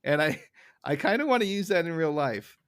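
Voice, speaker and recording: A man's voice: a little high, sing-song, fairly quick, fairly bright tone, smooth. A man co-hosting a podcast, chatting casually and often laughing. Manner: laughs often, hesitant restarts. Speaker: podcast co-host. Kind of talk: casual chat.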